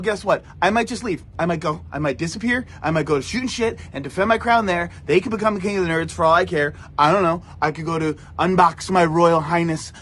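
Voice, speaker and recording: A man's voice: sits high, fairly bright tone. Man cutting a mock-outraged wrestling promo. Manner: theatrical mock outrage with sound effects. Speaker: podcast regular. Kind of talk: wrestling-style promo rant.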